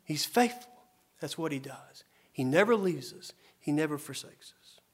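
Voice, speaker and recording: A man preaching a sermon as a pastor, earnest and repetitive for emphasis, dropping to soft murmurs and rising to loud, emphatic cries. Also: on the high side, lively intonation, normal speed. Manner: earnest, repeats phrases for emphasis.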